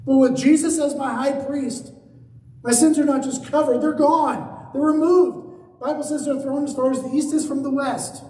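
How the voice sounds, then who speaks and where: A male pastor preaches in a high, mellow voice. He swings between lively raised passages and quiet, low stretches for emphasis. The sound comes from a distance in an echoing room, with a faint hum of ambience behind him. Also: moderate pace. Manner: animated preaching, dropping to hushed low tones for emphasis. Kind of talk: sermon.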